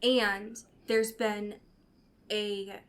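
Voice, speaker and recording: A woman's voice: mid-range voice, little pitch movement, drawn-out words, a bit bright, slight background noise. A woman co-hosting a podcast in casual chat, retelling scenes in quoted voices and swearing casually. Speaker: podcast co-host. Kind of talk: casual chat recapping a TV show.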